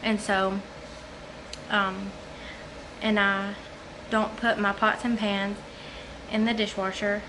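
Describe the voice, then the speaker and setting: A breathless woman talks casually to her camera at home, wandering from point to point and filling pauses with ums and likes. Her voice sits at an ordinary middle pitch, and a steady hum of room noise comes through behind her. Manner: chatty, rambling, many ums and likes. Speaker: home vlogger. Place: at home, living room or kitchen.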